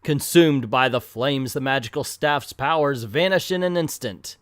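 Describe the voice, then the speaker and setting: A man's voice: medium pitch, normal speed, dry recording, clean studio sound. A man reading an old comic aloud, breaking off for wry, sarcastic commentary. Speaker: comic reader and reviewer.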